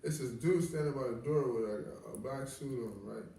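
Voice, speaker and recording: A man's voice: medium pitch, a little fast, dark tone. A man chatting as a comedian, telling stories bluntly with lots of swearing. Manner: blunt, profane storyteller. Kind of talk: casual comedic chat. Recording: echoey room, distant mic.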